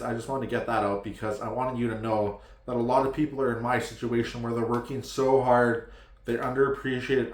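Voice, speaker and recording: A man's voice: mid-range voice, reverberant. A man from Canada giving a frustrated, heated rant to the camera, pleading with viewers and leaning heavily on "like". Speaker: vlogger.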